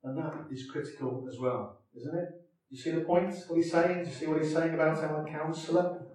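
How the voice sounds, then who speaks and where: A man's voice: fairly high pitch, fairly even intonation, fairly quick, darkish tone, distant mic. A man preaching a sermon in a conversational way, often adding tag questions and restarting his phrases. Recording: echoey hall, voice from off mic.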